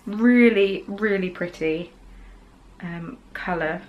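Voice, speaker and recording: A woman with a lowish voice speaks slowly over poor audio. She hosts a craft podcast in a casual show-and-tell chat, showing off her handmade pieces while gushing, rambling and saying um often.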